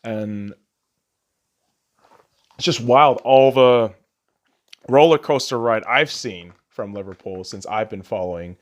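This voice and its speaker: A man's voice: mid-range voice, slow pace, pauses often. A man hosting a podcast, ranting casually about football, swearing constantly and laughing at his own sarcastic jabs. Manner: rambling with restarts, gets loud when ranting. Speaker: podcast host. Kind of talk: casual profane football rant.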